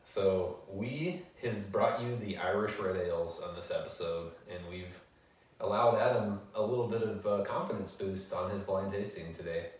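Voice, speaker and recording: Brief: low-voiced male podcast co-host, easygoing and jokey, roomy distant sound. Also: normal speed. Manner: laid-back, jokey, laughs easily. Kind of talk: casual chat. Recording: echoey room, mic at a distance.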